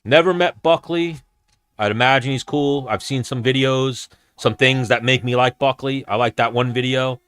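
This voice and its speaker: A man hosts a casual watch-along and talks to his viewers in a loose, rambling way, swearing freely as he goes. His voice sits at an ordinary male pitch. The sound is close and dry, with no room around it. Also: moderate pace, a bit bright, smooth, no room sound. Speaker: host.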